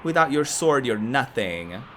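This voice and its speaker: A woman's voice: very deep voice, big pitch swings, measured pace, fairly bright tone, slight background noise, full character voice. A woman reading out a taunting villain knight. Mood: mocking. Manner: taunting, gloating laugh. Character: sneering male villain knight, mocking.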